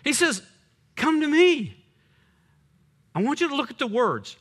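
An older man, a pastor preaching a sermon, swinging between loud punchy lines and quiet low drops. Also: very animated, unhurried.

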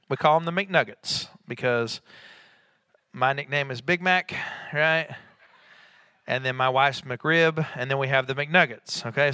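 Bright-voiced pastor preaching with emphatic swells. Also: male voice, mid-range voice, clear, resonant tone, dry recording, studio quality. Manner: conversational, with quick asides and rising emphatic peaks. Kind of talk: sermon.

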